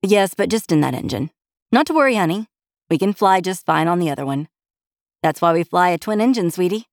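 A woman's voice: deep voice, moderate pace, no echo. Woman voicing a laid-back pilot husband, offhand and smug, dry close audiobook read. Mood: calm. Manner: calm, offhand and patronizing. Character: calm, teasing young husband and pilot. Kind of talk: audiobook character voice.

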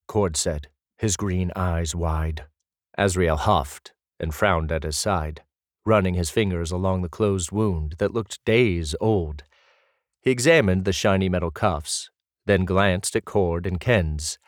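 Deep, slow-reading male narrator. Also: no echo, clean studio sound. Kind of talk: audiobook narration.

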